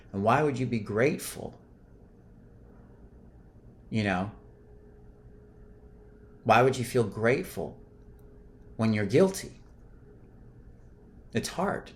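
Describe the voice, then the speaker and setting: Guy vlogging about emotions, earnest and coachy, ordinary middle pitch, drops soft and low at the ends. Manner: earnest and coaching, gets loud and playful when swearing. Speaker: self-help vlogger. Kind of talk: reflective solo talk to camera.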